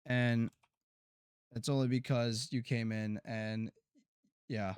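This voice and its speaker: An American man streaming a farming game, chatting casually to his viewers and often stumbling over his words before breaking into excited outbursts. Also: medium pitch, takes it slowly, pauses often, smooth. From United States. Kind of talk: casual gameplay commentary to chat.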